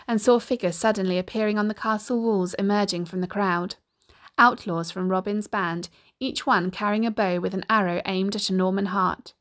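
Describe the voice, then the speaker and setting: A woman narrating a storybook aloud, steady and expressive. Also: mid-range voice.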